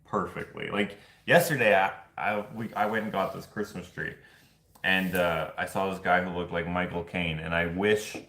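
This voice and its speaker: A man's voice: deep voice, steady tone, moderate pace, bright, forceful tone, echoey room. A man hosting a vlog giveaway, chatting in a loose, rambling way and chuckling often. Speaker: vlog host running a giveaway. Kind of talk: casual chat.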